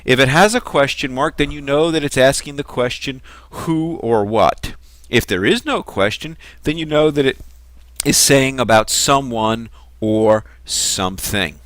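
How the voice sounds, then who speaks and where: A man's voice: mid-range voice, measured pace, a bit bright, no echo. A man giving a recorded lecture on Greek grammar, explaining patiently and methodically.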